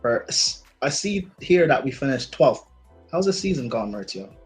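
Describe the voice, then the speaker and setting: A man's voice: medium pitch, sing-song, moderate pace, faint music behind, close to an everyday voice, low-quality recording. A man improvising as a skeptical male club owner who grills his manager with probing questions in a comedic role-play. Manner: probing, reading off the record.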